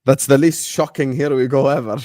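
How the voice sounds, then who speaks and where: Male streamer host, rowdy banter, laughs a lot, mid-pitched voice, dead-dry booth sound. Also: normal speed, dry recording. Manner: excitable, laughing, trash-talking banter. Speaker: host of a football fan livestream. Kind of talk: casual livestream chat.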